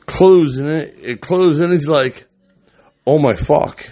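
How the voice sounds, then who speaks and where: A man's voice: fairly high pitch, a little slow, darkish tone, faint music behind. Rambling, swearing podcast storyteller man. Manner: rambling, repeats words, swears. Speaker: podcast co-host. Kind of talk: casual storytelling.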